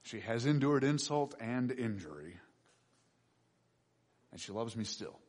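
A man preaching a sermon with emphatic delivery and sudden loud peaks. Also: mid-range voice, expressive, a little slow. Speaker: pastor.

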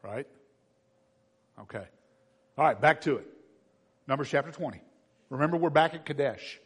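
A male pastor preaching a sermon in an animated way, acting out quoted voices. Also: medium pitch, normal speed, breathy edge.

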